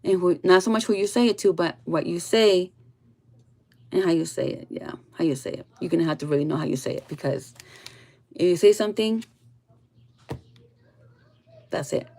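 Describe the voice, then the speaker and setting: A woman's voice: normal speed, vocal fry, pauses often. Blunt, profane woman giving a spiritual reading. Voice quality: blunt and profane, drifting soft and low. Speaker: tarot reader.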